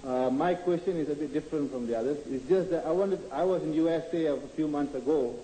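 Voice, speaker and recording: A man in the audience of a lecture, asking his question haltingly with many fillers. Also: a little high, mellow. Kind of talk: question from the floor. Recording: echoey hall with faint hiss, archive tape.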